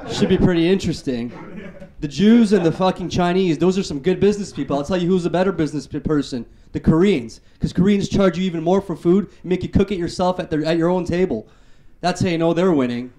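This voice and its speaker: A young man from Canada works through a stand-up set, his voice sitting a little high. He snaps out one-liners with confident timing. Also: warm tone. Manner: punchy one-liner delivery. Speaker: stand-up comedian.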